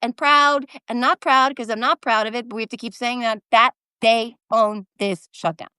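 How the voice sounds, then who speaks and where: A woman hosting a live stream in a casual, animated chatty way, jumping into stories with quick asides. Her voice is bright and sits a little high, recorded close and dry. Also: clean tone, no echo. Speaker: livestream host. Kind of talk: casual political chat.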